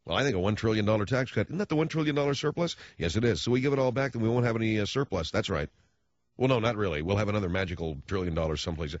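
A man's voice: fairly low pitch, very fast, no room sound, muffled recording. A man hosting a talk radio show, ranting about politics in a sarcastic, mocking way.

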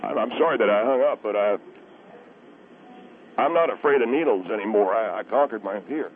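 A man's voice: lowish voice, normal speed, a little hiss or hum. Defensive guy calling in, stammers, thin phone-line sound. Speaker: caller. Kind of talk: call-in conversation.

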